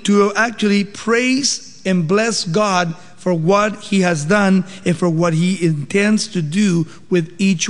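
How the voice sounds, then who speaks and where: A man's voice: sits high, big-room sound. A male pastor preaching a sermon, explaining scripture with rhetorical questions.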